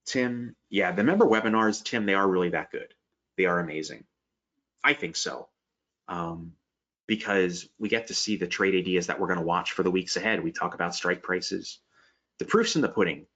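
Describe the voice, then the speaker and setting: A webinar host with a slight Pennsylvania Dutch accent talks at a normal speed in a low, somewhat bright voice. He's upbeat and chatty, pitching live and fielding questions from viewers, all captured in dull lo-fi webinar audio.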